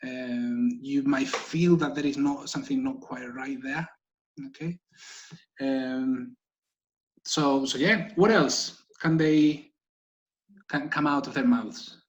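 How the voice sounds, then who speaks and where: Speaking slowly in a mid-range voice, a man leads an online guide dog volunteer meeting over a video call, which leaves the audio dull. He's chatty and instructive, checking in with "okay?" nearly every time he makes a point.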